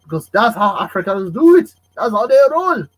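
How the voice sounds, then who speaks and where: A man hosting a casual podcast chat, animated and fond of acting out parents' voices. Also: sits high, moderate pace, husky, rough recording. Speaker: podcast host.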